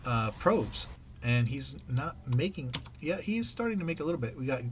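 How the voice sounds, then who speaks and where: A man's voice: medium pitch, very animated, normal speed, slight background noise. A man giving casual play-by-play commentary on a strategy game, often pleading with the players. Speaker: game caster.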